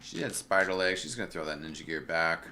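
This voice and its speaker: Deep bright-toned guy casting a game on stream, lots of ums, faint typing behind. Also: fairly quick, a little hiss or hum. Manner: relaxed, chatty, filler-heavy, greets chat viewers. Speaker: esports caster and streamer. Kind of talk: casual solo game commentary.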